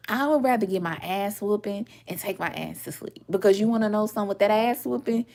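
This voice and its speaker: A woman's voice: medium pitch, fairly quick, vocal fry. A woman in her mid twenties, a tarot reader, telling a story in casual chat, swearing freely and acting out what people said. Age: 20s. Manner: animated, swearing, laughing often, acts out quotes.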